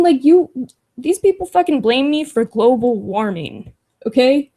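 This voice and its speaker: A woman's voice: high-pitched, animated, unhurried, warm tone. A young woman hosting a casual livestream, reading chat comments aloud with sarcastic, profane asides and frequent laughs.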